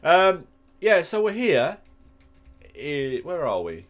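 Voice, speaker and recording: A man's voice: a little high, very animated, takes it slowly, a bit bright. A man with an English accent giving casual, rambling commentary while playing a game, drifting into chatty asides. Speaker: gaming YouTuber.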